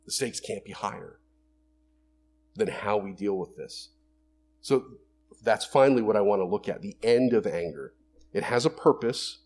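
A man preaching a sermon in a conversational, animated way, asking rhetorical questions and acting out everyday quotes. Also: medium pitch, a little hiss or hum. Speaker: pastor.

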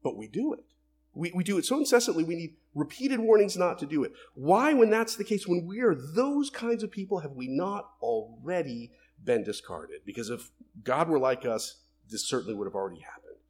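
A man preaching a sermon, explaining scripture in an animated way and acting out the voices in his quotes. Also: a little high, brisk, breathy edge. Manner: animated, acts out voices of people and God in quotes.

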